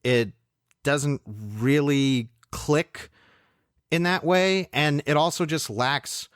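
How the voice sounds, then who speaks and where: A man co-hosting a film podcast, reviewing movies in a measured, thoughtful, opinionated way. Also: a little high, fairly bright tone, no echo, clean studio sound. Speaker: podcast co-host. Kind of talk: casual film review chat.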